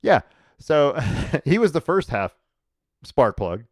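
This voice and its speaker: A man's voice: fairly high pitch, sing-song, takes it slowly, darkish tone, no room sound. A man hosting a sports podcast, chatting casually and rambling with restarts and laughs.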